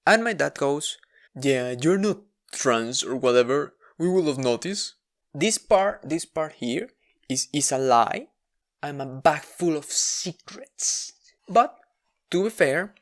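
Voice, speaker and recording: Low-voiced woman telling a candid story. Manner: candid, wry, self-deprecating, with frequent restarts. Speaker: vlogger. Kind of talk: personal storytelling monologue.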